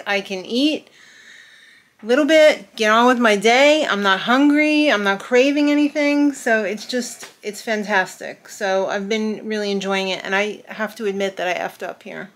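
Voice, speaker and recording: A young adult woman giving a casual, chatty vlog update, upbeat and quick to laugh. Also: a little high. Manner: chatty, upbeat, laughs often, many fillers and restarts. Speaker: vlogger host.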